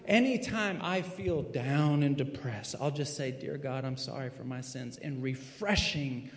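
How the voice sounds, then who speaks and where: A man preaching a sermon in a full church sanctuary, swinging dramatically from hushed tones to shouting. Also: medium pitch, unhurried. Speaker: pastor. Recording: echoey hall reverb.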